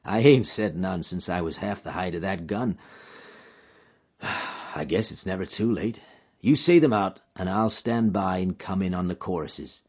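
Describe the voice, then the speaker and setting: A man voicing a weary, gentle old frontiersman who talks in a drawling frontier dialect, in a lo-fi recording. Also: low-pitched, measured pace, breathy edge. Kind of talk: audio drama acting. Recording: dull lo-fi recording.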